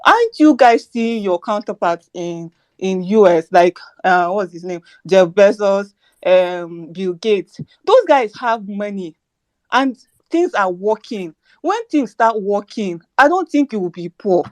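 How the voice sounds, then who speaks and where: A woman's voice: mid-range voice, animated, slow pace, dry recording. A woman with a Nigerian accent giving heated political commentary, asking rhetorical questions. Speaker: Twitter Space speaker.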